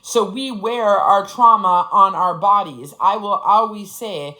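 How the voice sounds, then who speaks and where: Blunt, profane woman with a bright voice. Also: mid-range voice, unhurried, poor audio. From Upper Michigan, United States. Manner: blunt and profane, often addresses listeners as "bestie". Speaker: host telling her own story to her audience. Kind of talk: casual personal storytelling.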